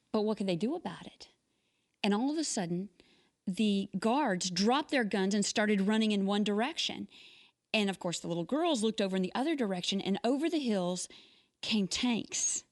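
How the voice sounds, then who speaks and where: A woman host telling a true story in a short inspirational commentary, in an earnest, measured way. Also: mid-range voice.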